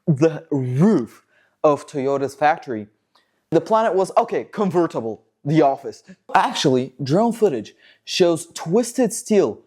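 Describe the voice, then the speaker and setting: A man hosts a car news vlog in a loose, joking commentary style. His pitch swings widely and lively from phrase to phrase, and his tone stays sarcastic and playful. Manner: jokey, sarcastic, animated. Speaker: host of a car news show.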